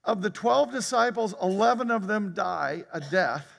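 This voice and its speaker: A man preaching a sermon as pastor, talking conversationally, laughing often and breaking into sudden loud outbursts. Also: high voice, lively intonation, moderate pace, vocal fry, big-room sound. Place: church sanctuary.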